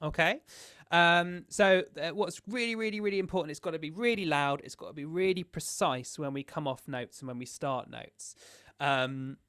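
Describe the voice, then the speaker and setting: A man's voice: a little high, normal speed, sharp tone, smooth, no room sound, clean studio sound. A man leading a choir sectional rehearsal as music director. He explains the parts step by step and counts in the beats.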